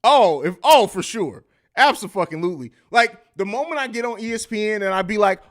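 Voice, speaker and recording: Hosting a live sports podcast stream, this high-pitched, animated man talks a little fast. His banter is loose and full of profanity, punctuated by frequent laughter and viewer comments he reads aloud.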